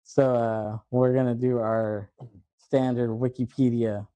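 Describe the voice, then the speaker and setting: A man's voice: mid-range voice, flat delivery, measured pace, mellow, no room sound. A man co-hosting a film podcast, chatting casually and retelling scenes at length. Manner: rambling retelling of movie scenes. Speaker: podcast co-host.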